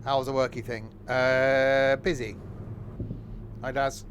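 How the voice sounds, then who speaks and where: A man's voice: mid-range voice, level tone, slow pace, a little hiss or hum. A man giving rambling, self-mocking commentary while playing a driving game. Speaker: gaming streamer. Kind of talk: casual gameplay commentary.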